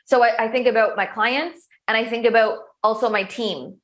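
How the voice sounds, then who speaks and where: A woman's voice: fairly high pitch, fairly even intonation, normal speed, a bit bright. A young woman coach answering interview questions in a chatty, upbeat way, full of restarts and filler words. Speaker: coach and show host.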